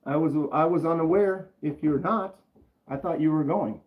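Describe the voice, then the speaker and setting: Guy rambling to his live chat, shouting out viewers, kinda echoey room, muffled audio. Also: a little high, normal speed. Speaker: knife channel live streamer. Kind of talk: casual live stream chat. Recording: roomy, slightly dull sound.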